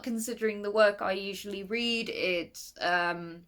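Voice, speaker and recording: A woman talks through her reading in a casual video review, her voice sitting in a mid range. She rambles, breaks into nervous laughter and jumps to shrill, high exclamations of disgust. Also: measured pace, a bit bright. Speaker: book reviewer.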